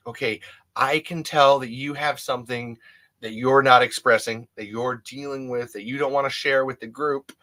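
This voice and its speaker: A man with a bright, forceful, mid-range voice hosts a podcast alone. His casual monologue rambles candidly, and he frequently restarts his sentences.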